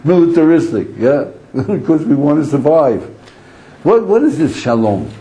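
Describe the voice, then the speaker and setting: A man from Israel giving a lecture as a rabbi, with a relaxed, dark and mellow tone. He tells his points as stories, acting out the arguing voices in a person's head. He laughs lightly between phrases. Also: a little high, moderate pace, low-quality recording. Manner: animated storytelling, acts out inner voices, chuckles often. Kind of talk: Torah lecture to an audience.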